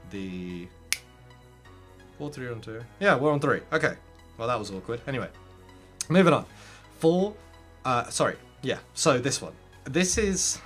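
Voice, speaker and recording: A man gives casual gaming tips straight to his viewers. His voice sits at an ordinary middle pitch and he talks in a lively, animated way. Faint music plays underneath. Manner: animated, addresses viewers directly. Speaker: gaming content creator. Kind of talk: casual tips talk to camera.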